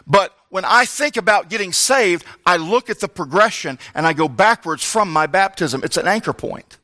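A man's voice: high voice, animated, normal speed, pushed and bright. A male pastor preaching a sermon, telling a personal story with comic asides.

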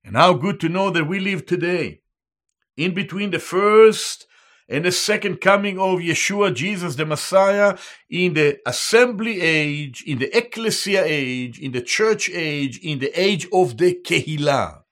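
A man preaching a sermon as a Bible teacher, slow and emphatic, repeating each key term in Hebrew and English. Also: high-pitched, lively intonation, a bit bright.

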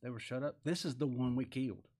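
A man preaching a sermon in a folksy, animated way, reading scripture slowly and with emphasis, then dropping to near-quiet asides. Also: medium pitch. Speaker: pastor.

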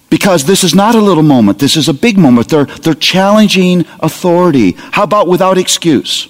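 Animated preacher man in a big hall. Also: high voice, fairly quick, hardly any pauses. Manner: animated, humorous, acts out parent dialogue. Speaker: pastor. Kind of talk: sermon. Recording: long hall reverb.

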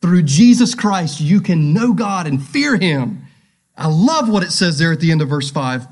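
Man, pastor, sermon, scripture reading, higher voice, emphatic, direct questions to the congregation. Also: animated, unhurried. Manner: emphatic, swings between loud and hushed; addresses listeners directly with questions.

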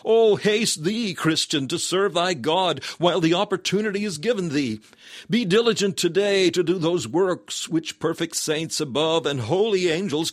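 A man's voice: fairly high pitch, no room sound, studio quality. A man reading an old-fashioned sermon aloud in an earnest, exhorting, solemn manner. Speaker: sermon reader.

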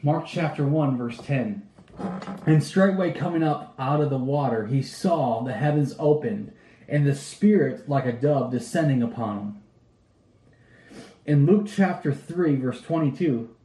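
A man's voice: medium pitch, moderate pace, mellow, roomy sound, rough recording. A man preaching a sermon, reading Bible verses aloud and then calling his listeners to be saved.

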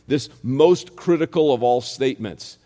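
A man's voice: mid-range voice, unhurried, dark tone. A man with a rural American accent preaches verse by verse in an emphatic voice that sits in the middle of the male range. He drives his points home with rhetorical questions. His voice rings out with a long reverb, as if from a church sanctuary. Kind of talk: expository sermon.

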